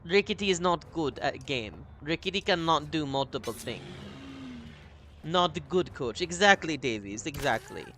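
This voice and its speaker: A man playing a deadpan, gloomy version of himself with a mock Russian voice and broken grammar, on a live game stream. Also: fairly high pitch, normal speed, hardly any pauses, a little hiss or hum.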